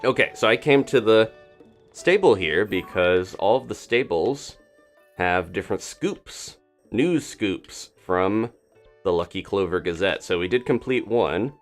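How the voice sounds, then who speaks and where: A man with a low voice gives casual commentary while he plays a game on a live stream. His delivery is lively and swings up and down, chatty and cheerful. Faint game music plays behind him. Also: measured pace. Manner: chatty and upbeat, laughs often, greets chat.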